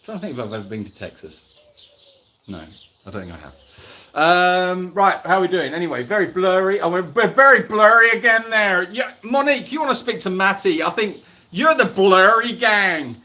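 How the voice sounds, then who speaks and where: A man's voice: high-pitched, lively intonation, a little fast, pushed and bright. A man co-hosting a casual live Q&A stream outdoors at an animal sanctuary, jokey and teasing as he reads out viewer comments.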